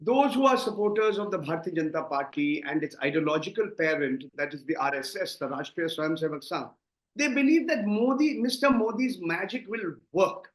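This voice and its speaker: A man's voice: high voice, animated, fairly quick, echoey room. A man with an Indian English accent, a political analyst giving impassioned interview commentary, emphatic and often repeating words as he starts a thought.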